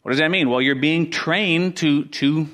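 A man's voice: fairly high pitch, a little slow. Earnest male pastor preaching. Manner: earnest, repeats phrases, swings between loud and hushed. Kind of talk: sermon.

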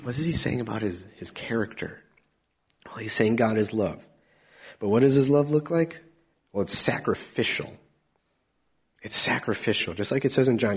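Husky guy preaching, voice jumps all over, loud then real quiet. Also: medium pitch. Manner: animated, swings between loud emphatic lines and soft near-whispers. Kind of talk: sermon.

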